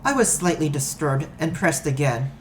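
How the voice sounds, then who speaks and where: A woman's voice: low voice, animated, moderate pace, a little hiss or hum. A woman giving dry, matter-of-fact first-person story narration.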